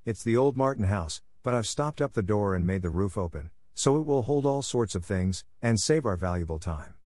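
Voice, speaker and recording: A man's voice: fairly low pitch, lively intonation, moderate pace, a little mellow, no room sound, clean studio sound, close to an everyday voice. A man reading aloud, voicing a charming teenage boy who makes a mock-formal, engaging speech. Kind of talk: audiobook character voice.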